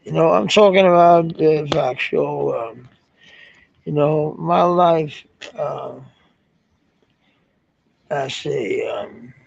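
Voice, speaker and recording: Slow gravelly guy from denmark rambling on a stream, lots of ums, swears, muffled lo-fi sound. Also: fairly high pitch. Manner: rambling, laid-back, swears casually, many fillers. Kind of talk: rambling casual livestream chat. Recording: dull lo-fi stream audio.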